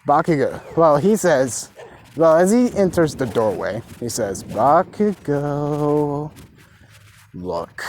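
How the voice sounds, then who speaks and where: A man's voice: on the high side, big pitch swings, unhurried, a little mellow, slight background noise. A man narrating an improvised fan story in a casual, rambling way, with lots of fillers and swearing. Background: dogs barking.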